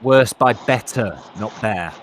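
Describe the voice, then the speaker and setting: A man's voice: lowish voice, takes it slowly, slight background noise. A man in a casual stream chat, reacting with exasperation and swearing.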